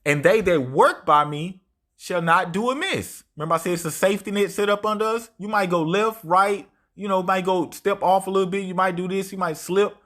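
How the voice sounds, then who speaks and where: Male preacher, casual scripture-teaching delivery, slightly raised pitch, repetitive tag questions. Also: a little fast, a bit bright. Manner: informal, repetitive "right?" tag questions, reads verses aloud. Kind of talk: scripture study sermon.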